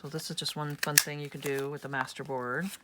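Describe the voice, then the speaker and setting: A woman's voice: sits low, level tone, a little fast, very noisy. A woman hosting a casual craft tutorial, chatting and thinking aloud as she works at home. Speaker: craft channel host.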